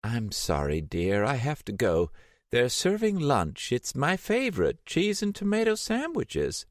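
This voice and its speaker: A man voicing a frail, confused elderly woman, a former vice president, soft and weak-voiced, drifting in and out. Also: mid-range voice, huge pitch swings, measured pace, no echo, studio quality, pitched above the performer's own voice. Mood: vague, wandering. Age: older. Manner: vague and drifting, briefly imperious. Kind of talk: audiobook character voice.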